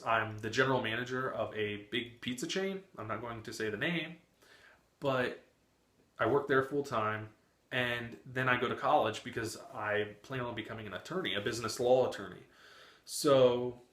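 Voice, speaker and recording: A man's voice: mid-range voice, a bit bright. A young man in his twenties chatting casually on his book vlog, talkative and cursing freely. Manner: chatty, frequent cursing and laughter. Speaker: book vlogger. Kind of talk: casual chat. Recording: echoey room.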